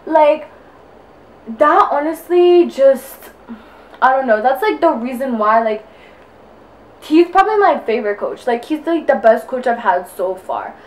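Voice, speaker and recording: A woman's voice: sits high, expressive, a little slow, long pauses. A young woman vlogging in casual chat while getting ready, out of breath and rambling with constant fillers. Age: young adult. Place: indoors at home, getting ready.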